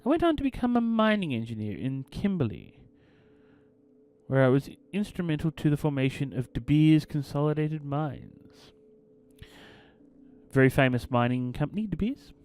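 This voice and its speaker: Man, let's play host, reads game text aloud theatrically, fairly high voice, lively swooping delivery. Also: moderate pace, smooth. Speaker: gaming channel host.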